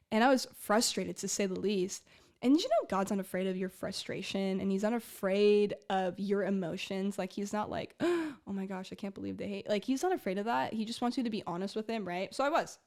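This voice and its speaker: A woman's voice: medium pitch, darkish tone. A woman in her twenties giving an earnest, rambling personal faith testimony in a casual talk, full of "like" and restarts. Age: 20s. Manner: earnest, rambling, heavy use of "like". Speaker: faith podcast host.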